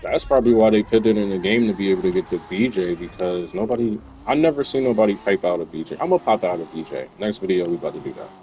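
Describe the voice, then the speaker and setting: Low-voiced, laid-back gamer. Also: male voice, quick pace, few pauses, mellow, slight background noise, rough recording. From New Jersey. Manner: laid-back, slangy, rambling. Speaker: gaming streamer. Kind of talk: casual commentary while playing. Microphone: USB desk microphone.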